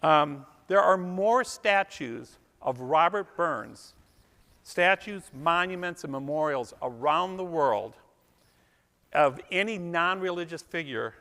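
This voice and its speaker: Bright-voiced man joking in a reverberant hall. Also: on the high side, lively intonation, takes it slowly. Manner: folksy, self-deprecating, jokey. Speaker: emcee telling jokes at a club dinner. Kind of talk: joke telling and trivia to a live audience. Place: event hall with a live audience.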